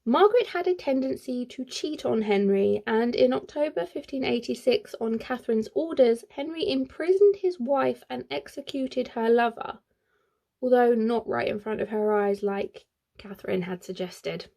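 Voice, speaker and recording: A woman's voice: a little high, moderate pace, vocal fry, mellow. A woman who hosts a history channel, telling history in a casual, chatty way with playful asides. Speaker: history YouTuber.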